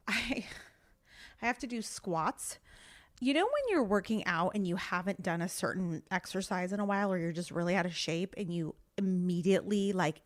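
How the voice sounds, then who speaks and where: A pregnant woman in her thirties hosting a casual solo podcast, chatting candidly with lots of filler words and sounding a little out of breath. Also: medium pitch. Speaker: podcast host.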